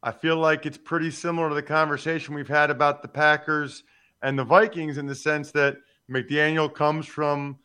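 A man's voice: fairly high pitch, flat delivery, moderate pace, bright, forceful tone, clear, resonant tone. A man hosting a casual sports talk, asking questions in a conversational way. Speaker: podcast host.

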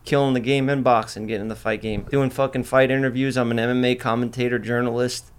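A man's voice: mid-range voice, level tone, fast, clear, resonant tone. Podcast host guy, cocky and foul-mouthed, normal mid voice, just riffing. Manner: brash, profane and boastful. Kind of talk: casual podcast chat.

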